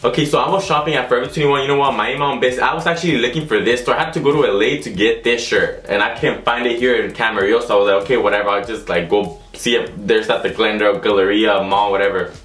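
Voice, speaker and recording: A man's voice: medium pitch, fast, few pauses, fairly bright tone. A young man vlogging casually, telling a rambling story full of fillers and restarts. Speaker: YouTube vlogger. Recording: echoey room.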